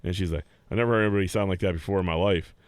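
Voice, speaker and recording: A man with a very deep, gravelly voice co-hosting a podcast in casual chat, swearing and laughing loudly as he tells stories. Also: very fast, dry recording. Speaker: podcast co-host.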